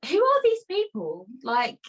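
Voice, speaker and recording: A young woman hosting a casual podcast, chatting and reading out listener letters in an expressive way. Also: very high-pitched, a little slow. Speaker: podcast host.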